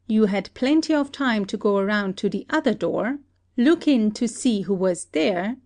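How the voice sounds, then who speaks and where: A woman voicing a shrewd country detective who calmly lays out an accusation in a play reading. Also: mid-range voice, close to an everyday voice. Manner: steady, deliberate accusing. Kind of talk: amateur audiobook play reading.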